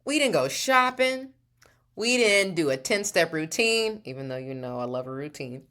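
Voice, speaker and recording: Playful animated woman host. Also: fairly low pitch, normal speed. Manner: playful and theatrical, calls listener darling, laughs often. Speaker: podcast host. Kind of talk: upbeat motivational talk.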